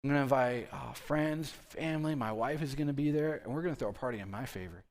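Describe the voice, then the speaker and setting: A man's voice: medium pitch, quick pace, natural voice. A man voicing a boastful, self-satisfied royal official who brags about himself. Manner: bragging.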